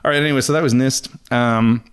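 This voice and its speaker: A man's voice: mid-range voice, fairly even intonation, quick pace, smooth. A young man hosting a podcast, chatting casually, laughing often and reading out articles. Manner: chatty, laughs often, reads quotes in a mock voice. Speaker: podcast host.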